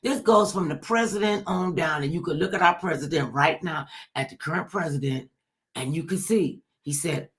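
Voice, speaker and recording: A woman's voice: low voice, moderate pace. Emphatic woman host ranting on politics. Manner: emphatic, repetitive, direct address to listeners. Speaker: talk show host. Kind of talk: political commentary monologue.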